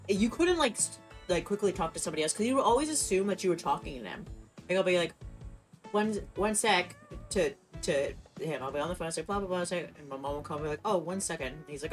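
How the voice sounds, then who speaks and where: A young woman streaming a game, chatting casually and telling a story with lots of giggles. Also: deep voice. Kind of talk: casual gameplay commentary.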